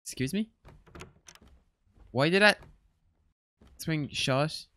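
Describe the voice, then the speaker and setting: A man's voice: on the high side, animated, extremely slow, dry recording. Jumpy young man playing a horror game. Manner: jumpy, swears and yells when startled. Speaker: gaming streamer. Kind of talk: horror game let's-play commentary.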